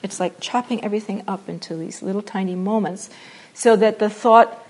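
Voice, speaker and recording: A woman giving a spiritual talk that ties meditation to acting, playful and animated, often dropping to a soft, slow voice for repeated phrases. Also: mid-range voice. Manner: drops to soft, slow repetition when guiding meditation. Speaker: teacher.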